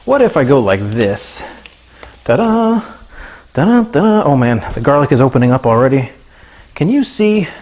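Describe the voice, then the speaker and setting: The voice is a man's, medium in pitch with big swings, a bit fast and slightly mellow. While food sizzles in a pan, he hosts a laid-back cooking livestream from his home kitchen, being goofy and chatting with both his audience and his pets.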